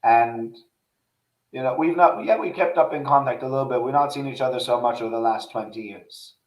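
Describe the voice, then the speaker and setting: A man's voice: mid-range voice, brisk, lo-fi sound. A man in casual conversation, telling a heartfelt personal story in an earnest way, with many restarts. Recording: echoey room.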